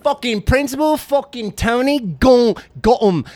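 A brash, swearing young gang girl with a bloodthirsty swagger, as a man puts her on in a tabletop role-play. The accent wavers between British and Australian. The voice sits high. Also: a little slow, a little mellow, no room sound. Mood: boastful. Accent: put-on British-Australian.

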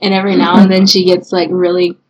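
A woman's voice: fairly low pitch, monotone, fast talker, a little hiss or hum, low-quality recording. A woman hosting a podcast, chatting casually and telling stories by quoting people. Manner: storytelling, chatty, quotes others. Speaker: podcast host. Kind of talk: casual chat.

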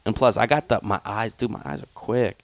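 Man, lowish voice, dry sound, joking rambling chat. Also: fairly quick, gravelly, no room sound. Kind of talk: casual chat.

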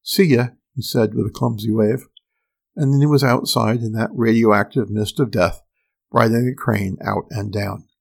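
A man's voice: lowish voice, fairly even intonation, moderate pace, creaky. A man narrating a first-person science-fiction story in a tense, dramatic storytelling manner.

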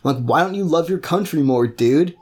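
A woman's voice: deep voice, expressive, moderate pace, a little mellow, slightly rough. A woman co-hosting a casual podcast, playful and jokey. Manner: playful, jokey, laughs often. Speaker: podcast co-host. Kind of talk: casual chat.

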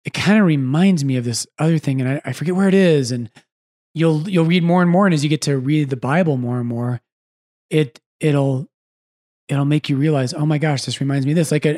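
A man who is a priest and podcast host, chatting casually and with animation, often breaking off to correct himself. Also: a little high. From United States. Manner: animated, quick asides, self-correcting.

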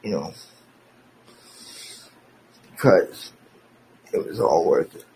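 A man's voice: low-pitched, expressive, slow pace, creaky, darkish tone, breathy edge, poor audio. A man hosting a podcast, delivering an angry, profane, sarcastic rant aimed at a former friend.

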